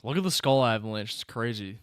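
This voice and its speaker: Smooth-voiced excitable male streamer. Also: on the low side, brisk, dry recording, clean studio sound. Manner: excitable, talks back to the screen and chat. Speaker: streamer host. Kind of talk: live reaction stream, casual chat.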